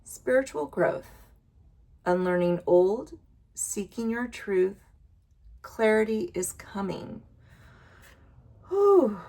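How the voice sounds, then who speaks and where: A woman reading oracle cards aloud in a casual vlog, slow and emotional, sighing and interrupting herself. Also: mid-range voice, big pitch swings, gravelly, mellow. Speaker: oracle card reader. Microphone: wireless earbuds.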